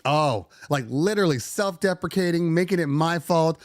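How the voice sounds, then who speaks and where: In a slightly high voice, a middle-aged man speaks at normal speed with hardly any pauses, animated throughout. He hosts a casual DJ podcast livestream, venting and lapsing into sarcastic fake voices, recorded at studio quality without echo.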